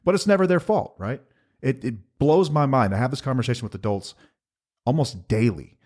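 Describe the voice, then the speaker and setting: Animated man hosting a podcast. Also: mid-range voice, moderate pace. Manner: sarcastic, emphatic storytelling. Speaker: podcast co-host. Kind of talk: casual podcast chat.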